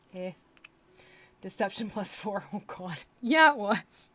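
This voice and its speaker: A woman's voice: a little high, fairly bright tone, dry recording. A woman chatting casually on a live stream as she paints miniatures, laughing often and playing with voices.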